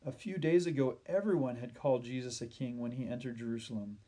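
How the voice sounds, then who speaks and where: A man reading a children's Bible story aloud, gentle and measured, slowing down at sad moments. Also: mid-range voice.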